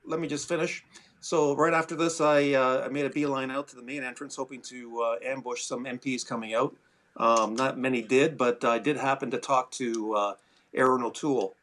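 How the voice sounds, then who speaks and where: A man's voice: mid-range voice, fairly even intonation, moderate pace, fairly bright tone. A man from Canada on a firearms advocacy panel, recounting events in a rambling, exasperated way with many fillers and restarts. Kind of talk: casual panel discussion.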